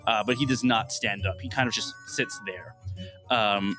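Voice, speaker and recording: A man's voice: fairly low pitch, moderate pace, over music. A man narrating a tabletop game as game master, casual and rambling with many fillers.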